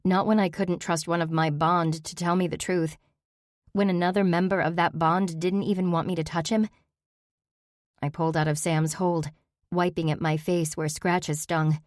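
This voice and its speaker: A woman reading a first-person story aloud as an audiobook narrator, steady and even. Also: on the low side, normal speed, dry recording, clean studio sound.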